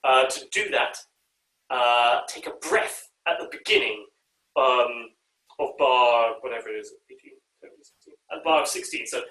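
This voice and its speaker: A man directing an online choir rehearsal, often pausing with ums and uhs and singing short bits of the music to show how a phrase should go. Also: medium pitch, sharp tone. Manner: demonstrates phrases by singing and speaking them; hesitant, with frequent ums and uhs. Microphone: video call. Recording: echoey room, far from the mic.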